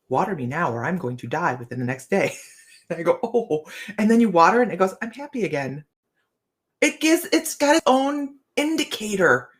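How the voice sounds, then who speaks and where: A woman hosting a casual morning livestream chat, chatting to viewers, often laughing and restarting her sentences. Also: on the low side. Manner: frequent restarts and stammers. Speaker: psychic livestream host.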